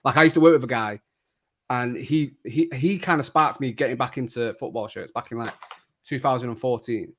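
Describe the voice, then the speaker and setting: A man hosting a casual kit-ranking chat, jokey and quick to laugh. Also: mid-range voice, fairly bright tone. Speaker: podcast host.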